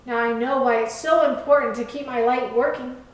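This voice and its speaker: A woman's voice: a little high, steady tone, normal speed, lightly acted. A woman voicing a playful, earnest male lighthouse in a children's storybook. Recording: echoey room, far from mic.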